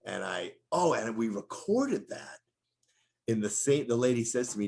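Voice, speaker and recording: A man's voice: on the low side, moderate pace, gravelly. A middle-aged man, a voice actor, telling stories in a casual interview and slipping into character voices. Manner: animated storyteller who drops into character voices.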